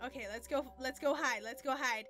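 A young woman streaming a game live, talking to her chat in excited, panicky bursts. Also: sits high, brisk, over music. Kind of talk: live gameplay commentary.

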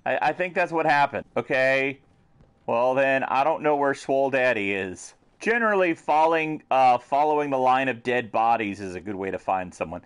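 A man's voice: on the high side, a bit bright, clear, resonant tone. A man giving goofy, joking commentary while playing a video game, laughing often and slipping into silly voices. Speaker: gaming video host.

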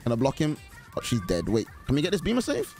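A young man giving excited live commentary on a horror game he is playing, chatting to his teammates and the killer. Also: medium pitch, fast, soft background music. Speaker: gaming YouTuber.

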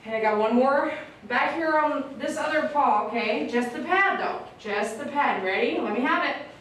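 A woman dog groomer who coaxes a dog softly and chats with viewers as she works. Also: sits high, lively intonation, normal speed, far from the mic, a little hiss or hum. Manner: soothing, coaxing talk to a dog, chatty asides to viewers. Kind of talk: livestreamed grooming with running commentary. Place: grooming room. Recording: echoey room, voice a bit off-mic.

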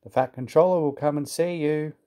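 A man voicing a cheeky little male tank engine, playful and proud, in a high squeaky, excited voice. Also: a little fast, lightly acted.

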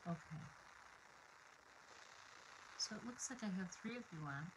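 A woman's voice: fairly low pitch, expressive, unhurried, slight background noise, low-quality recording. A middle-aged woman hosting a card-making live stream from her home craft room, chatting with viewers in a bubbly, rambling way with many fillers.

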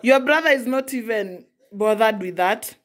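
A woman's voice: on the high side, moderate pace. Young african mom fussing at her kid about the messy house, keeps repeating herself. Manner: exasperated, repetitive scolding. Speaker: mother. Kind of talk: casual scolding vlog.

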